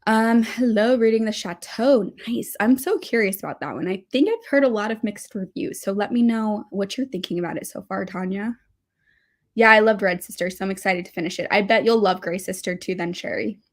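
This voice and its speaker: A woman's voice: mid-range voice, fairly quick. Young woman, livestream host, bubbly, chatty, casual talk to viewers, computer mic.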